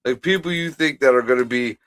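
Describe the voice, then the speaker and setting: A man's voice: mid-range voice, fairly quick, a bit bright. A man co-hosting a live movie watch-along, talking bluntly and profanely as he explains what happens on screen. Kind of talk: casual chat, movie commentary.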